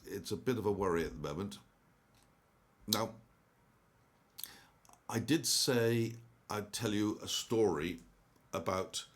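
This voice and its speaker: Brief: older male commentator, very low voice, meandering storyteller, frequent fillers. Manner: rambling, with many ums and restarts. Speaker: investment commentator. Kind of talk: casual monologue.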